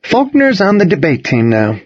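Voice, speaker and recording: A man's voice: on the high side, wildly swooping pitch, moderate pace, no room sound, pitched above the performer's own voice. A man voicing a dry-witted teenage boy who mutters his remarks. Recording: dull, dry lo-fi reading.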